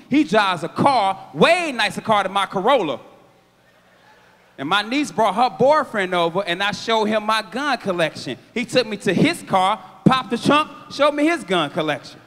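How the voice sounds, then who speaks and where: A man in his thirties doing a stand-up comedy set on a theater stage, loud and animated, shouting his punchlines. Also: high voice. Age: 30s. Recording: long theater reverb.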